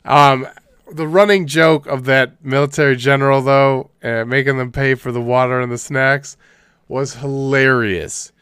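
A man co-hosting a podcast in casual chat, animated and full of "like", acting out quotes in funny voices. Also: medium pitch, unhurried, smooth, no echo, studio quality. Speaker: podcast co-host.

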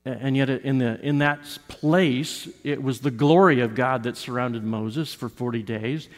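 An American pastor preaches a sermon in a church sanctuary, its long reverb filling the recording. His male voice is medium-pitched and unhurried, and his style is conversational, with frequent restarts and repeated words. He acts out quoted lines, letting his voice rise and drop.

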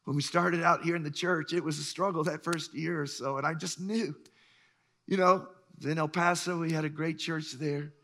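High bright-voiced preaching man in his 60s. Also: steady tone, moderate pace. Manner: emphatic, swings between loud bursts and hushed lines. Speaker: pastor. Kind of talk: sermon.

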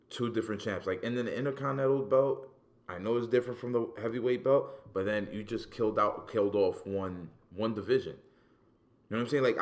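Lively low-voiced man talking wrestling. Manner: animated, profane, repeats words when excited. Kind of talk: casual wrestling talk.

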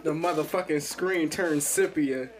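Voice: mid-range voice, a little slow. A brash young co-host in his twenties who hypes up the show with swagger and boasting. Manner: brash, hype-man boasting. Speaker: podcast co-host. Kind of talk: casual chat.

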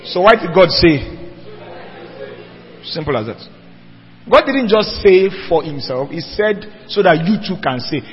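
High-voiced emphatic preacher man. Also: very animated, measured pace, pauses often. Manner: emphatic, rhetorical questions to the congregation. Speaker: pastor. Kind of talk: sermon. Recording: dull lo-fi church hall recording with long reverb.

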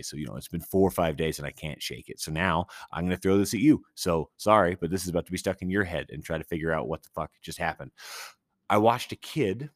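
A man's voice: sits low, no room sound, studio quality. A man hosting a podcast on his own, telling a story casually and rambling with many restarts, swearing and sounding incredulous. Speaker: podcast host.

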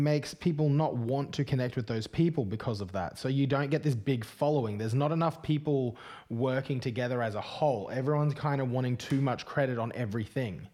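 A podcast host speaks in casual chat. He lays out his opinions earnestly and reflectively, in a voice of ordinary middle pitch. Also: a little mellow. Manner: earnest, reflective opinion-giving, punctuated by "right?".

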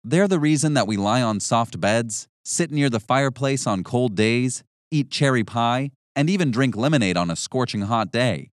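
Man with measured, lively narration. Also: mid-range voice, no room sound, studio quality. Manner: measured, instructive, varied emphasis. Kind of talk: scripted audiobook narration.

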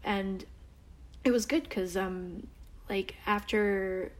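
A woman's voice: medium pitch, steady tone, slow pace. A woman in her thirties with a Canadian accent, chatting casually and rambling with many restarts and acted-out quotes. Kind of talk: casual chat.

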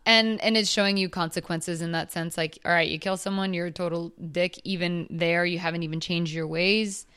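A woman's voice: fairly low pitch, fairly even intonation, a little fast, few pauses, a bit bright, clear, resonant tone. A woman co-hosting a podcast in casual chat, rambling with many restarts and fillers. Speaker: podcast co-host.

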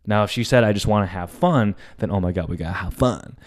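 A young adult man hosting a podcast, telling a candid story, animated, swearing often and acting out the lines of the people in it. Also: lowish voice, fast. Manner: animated, swears often, acts out his own and others' lines. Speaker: podcast host.

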